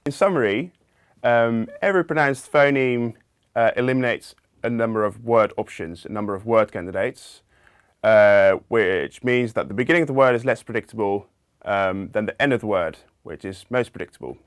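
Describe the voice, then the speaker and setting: A man with a fairly low voice delivers a linguistics video lecture. He explains each point methodically and step by step. The sound is dry and close, with no room around it. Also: normal speed, clear, resonant tone, no echo. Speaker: linguistics presenter.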